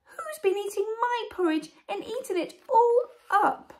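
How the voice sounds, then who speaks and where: A woman voicing a tiny male baby bear in a storybook, squeaky and tearful, straining to be heard. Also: sing-song, measured pace, darkish tone, full character voice.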